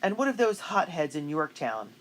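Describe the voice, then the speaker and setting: A woman voicing angry loyalist townsmen in a storybook, speaking in an indignant, shouting way. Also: low voice, big pitch swings, normal speed, slight background noise, voice pushed up, rough recording. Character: angry loyalist men of the town.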